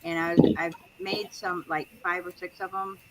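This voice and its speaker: A woman guest on a video call who tells a story in a rambling way, with many pauses. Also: on the low side, little pitch movement, fairly bright tone, slight background noise, poor audio. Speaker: livestream guest. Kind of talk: casual video call chat.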